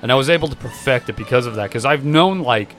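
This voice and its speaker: A man's voice: mid-range voice, fast, fairly bright tone, faint music behind. A young man co-hosting a comedy podcast, telling stories in a brash, profane casual chat. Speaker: podcast co-host.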